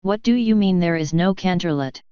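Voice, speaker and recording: Prim British-accented mare mayor, a woman reading her, smooth low voice, lo-fi. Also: a little fast, warm tone, no room sound, natural voice. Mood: indignant. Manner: prim, indignant.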